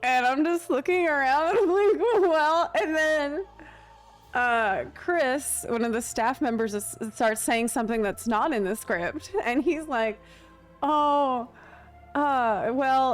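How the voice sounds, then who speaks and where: A woman streamer telling a story in casual livestream chat. She laughs often, swears casually and acts out the lines she quotes in lifted voices. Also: fairly high pitch. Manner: animated retelling with frequent laughter and casual swearing.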